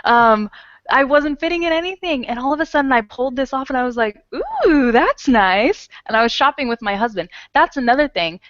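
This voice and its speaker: A woman's voice: sits high, fast, a bit bright, no echo. A chatty woman leads an online English conversation class and rambles along with frequent laughter. Her voice comes through an earphone headset on a video call. The sound is slightly muffled and very dry, with no room around it. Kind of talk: casual online class chat.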